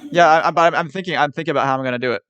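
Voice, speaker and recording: Smooth-voiced hesitant man chatting. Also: fairly high pitch, rapid-fire, a bit bright, dry recording. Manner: hesitant, repeats words, laughs off requests. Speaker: stream guest. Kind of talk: casual chat.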